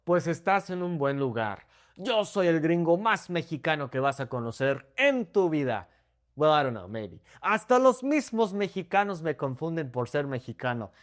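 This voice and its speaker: Animated young man teaching Spanish. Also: a little high. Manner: lively and upbeat, slows down to model words. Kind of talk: language lesson to camera. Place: home in Mexico.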